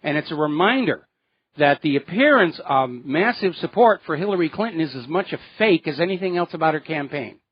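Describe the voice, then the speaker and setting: High-voiced indignant male radio host. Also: lively intonation, a little fast, breathy edge, no room sound, dull audio. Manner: indignant, sarcastic. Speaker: radio talk show host. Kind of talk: political talk radio commentary.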